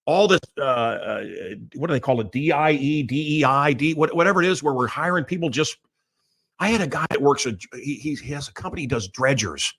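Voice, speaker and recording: A middle-aged American man hosting a talk show, ranting loudly and crudely in a rambling, blustery way. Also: mid-range voice. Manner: loud, blustery and crude, with mocking put-on voices. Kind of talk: rambling political rant.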